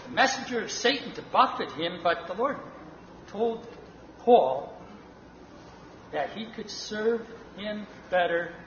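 A man reasoning slowly and deliberately in a Bible discussion. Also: sits high, lively intonation. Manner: slow, deliberate, reasoning aloud. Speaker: participant in a Bible study. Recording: reverberant hall, muffled, faint noise.

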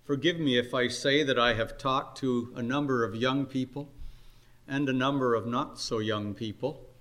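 An older man preaching a sermon, earnest and unhurried, his voice climbing on emphatic questions. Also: medium pitch, fairly even intonation, fairly bright tone. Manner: earnest, slow exhortation with rising emphatic questions.

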